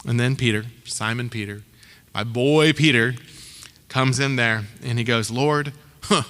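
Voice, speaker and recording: Speaking unhurriedly with fairly even intonation, a man preaches from a church sanctuary in a clean, fairly bright, medium-pitched voice, the hall adding long reverb. As pastor he talks in a relaxed, slang-filled way and gives each quoted person their own voice.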